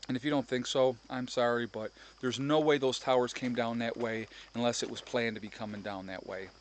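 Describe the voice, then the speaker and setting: A man's voice: mid-range voice, fairly even intonation, fairly quick, a little hiss or hum. Middle-aged man ranting heatedly to camera. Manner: heated, repetitive, addresses viewers directly. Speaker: vlogger.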